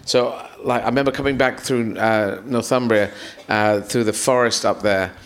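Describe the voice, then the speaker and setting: Guy rambling on a live podcast stage, acts out all the bits, swears a lot, mid-pitched voice. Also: normal speed. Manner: rambling, animated storytelling with acted-out quotes and swearing. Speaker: comedian guest.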